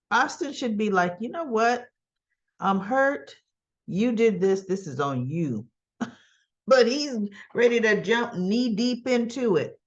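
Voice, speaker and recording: Woman doing a soap recap, laughs a lot, acts out the lines, kinda muffled audio. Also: a little high. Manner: chatty, laughs often, acts out quotes. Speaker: soap opera recap vlogger. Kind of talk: casual episode recap.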